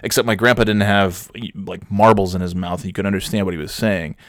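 A man's voice: deep voice, fairly even intonation, brisk, no room sound, studio quality. A man in his thirties talking casually and profanely in a solo podcast, rambling and mocking himself. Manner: rambling, self-deprecating, profane. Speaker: podcast host.

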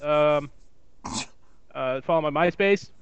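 A man co-hosting a casual podcast, joking loudly and playfully with his friends. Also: a little high, slow pace, lo-fi sound, slight background noise. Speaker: podcast co-host. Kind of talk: casual group banter.

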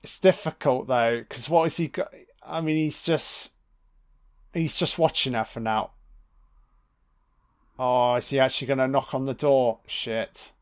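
A man's voice: medium pitch, fairly even intonation, unhurried, long pauses. A man giving casual, sweary commentary on a film, talking back to the characters on screen. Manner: sweary, mocking asides to the screen.

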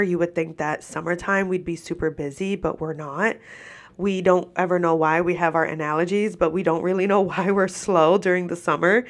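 Stuffy congested woman ranting casually. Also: on the low side. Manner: swears freely, laughs mid-sentence. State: short of breath. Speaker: podcast host. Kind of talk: casual chatty rant. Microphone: microphone while seated.

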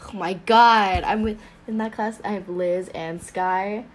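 A woman's voice: mid-range voice, steady tone, measured pace, a little hiss or hum. A teenage girl co-hosting a casual podcast, rambling and cutting herself off mid-sentence. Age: teens. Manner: rambling, self-interrupting, giggly. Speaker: podcast co-host. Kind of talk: casual chat.

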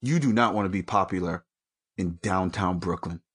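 A man hosting his own show from home, ranting angrily and with heavy profanity, jumping between loud outbursts and low mutters. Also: normal speed, slightly rough. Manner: angry, profane, swings from shouting to mutters. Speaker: podcast host. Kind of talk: profane solo rant.

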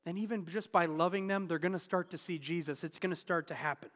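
A man's voice: high-pitched, fast, a bit bright, in a large hall. A man in his thirties giving a sermon as pastor, telling personal stories in an earnest, candid way. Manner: earnest, candid storytelling with restarts.

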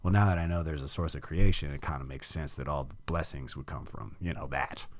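Very deep-voiced man telling a story. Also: a little fast. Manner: animated storytelling, acts out his own past reactions, swears freely. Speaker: podcast host. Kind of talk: casual conversation, telling a personal story.

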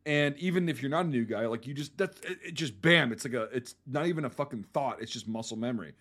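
A man hosting a casual podcast discussion, blunt and animated, swearing freely as he talks through a film. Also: mid-range voice, quick pace. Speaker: podcast host.

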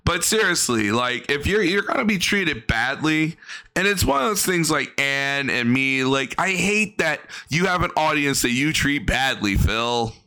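Man, commentator, profane rant, bright tone, clear voice. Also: a little high, expressive, a little slow. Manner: blunt, swearing, exasperated ranting. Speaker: commentator reacting to a livestream.

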